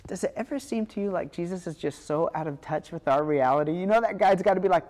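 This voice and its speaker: A woman pastor preaching a sermon in a relaxed, conversational storytelling way. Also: fairly low pitch, fast, few pauses, in a large hall.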